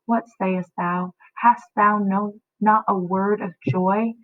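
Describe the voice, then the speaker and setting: A woman's voice: medium pitch, steady tone, slow pace, no echo, lightly acted. A woman voicing a desperate young noblewoman, pleading and anguished. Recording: tinny phone-like audio.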